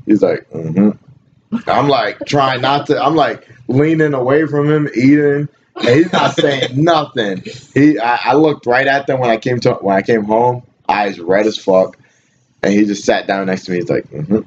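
A man's voice: mid-range voice, normal speed. A man in casual chat, telling loose, profane stories and laughing often. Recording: dull lo-fi sound with faint noise.

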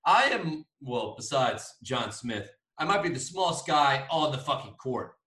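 Bright-voiced young man telling a rambling story. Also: mid-range voice, animated, measured pace. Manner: rambling storyteller, swears, laughs often. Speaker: podcast co-host. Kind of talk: casual chat. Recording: echoey room, mic at a distance.

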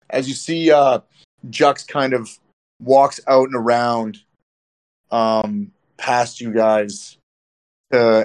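Man running a tabletop game. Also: mid-range voice. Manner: switches between narration and in-character dwarf talk. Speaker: dungeon master.

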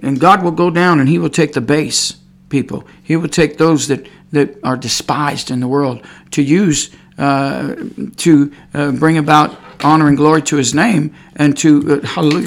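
This preacher's voice is fairly high and creaky, at a normal speed. His sermon is informal and rambling, with repeated words and moments when he turns fervent and shouts praise.

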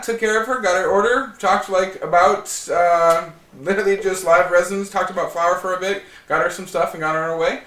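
A man's voice: high-pitched, a little fast, few pauses. A man in casual chat, telling a long story and acting out the quotes in it. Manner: animated storyteller, acts out quotes. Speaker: guest. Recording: echoey room, distant mic.

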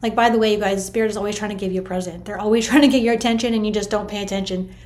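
A middle-aged woman telling viewers a personal spiritual story in a chatty, animated way, full of "like" and "I'm like". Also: medium pitch, rapid-fire. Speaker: vlogger sharing a spiritual story.

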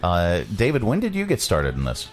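Chatty low-voiced radio host, a man. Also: huge pitch swings, normal speed, soft background music. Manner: chatty, many filler "uh"s. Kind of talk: casual radio talk and ad reads.

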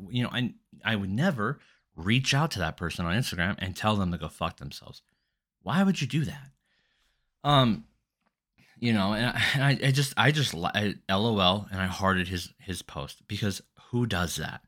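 Low-voiced man ranting, bright and forceful. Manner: profane, ranting, swings between mumbling and loud outbursts. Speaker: podcast host. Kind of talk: casual solo podcast rant.

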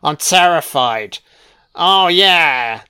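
A man's voice: a little high, lively intonation, drawn-out words, sharp tone, smooth. A man giving a profane, sarcastic commentary on a film as it plays.

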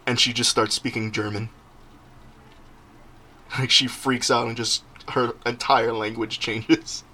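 A young man hosting a casual podcast, telling stories in an animated way and often laughing. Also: medium pitch, a little slow. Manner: laughing, animated storytelling with quoted voices. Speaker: podcast host.

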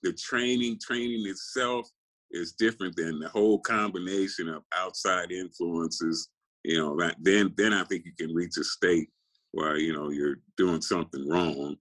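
A man's voice: deep voice, steady tone, moderate pace, fairly bright tone, low-quality recording. A man in his sixties from California, a guest telling rambling, profane stories in casual interview chat.

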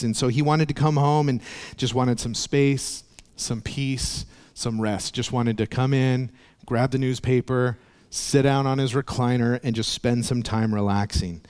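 A man's voice: medium pitch, fairly even intonation, moderate pace, darkish tone, clean tone. A male pastor preaching a sermon, telling stories in an earnest way and acting out the voices in them. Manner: storytelling with acted voices, earnest.

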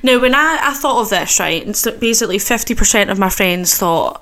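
A woman's voice: mid-range voice, animated, brisk, fairly bright tone. A chatty, giggly woman of twenty-five, hosting a solo podcast and nervously poking fun at herself. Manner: chatty, giggly, self-mocking. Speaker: podcast host.

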